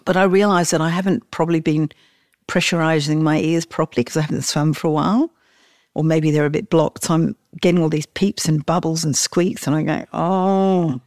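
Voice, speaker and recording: A woman's voice: sits low, steady tone, a little fast, darkish tone, no room sound, clean studio sound. A woman, casually telling a story about snorkelling and laughing often as she talks.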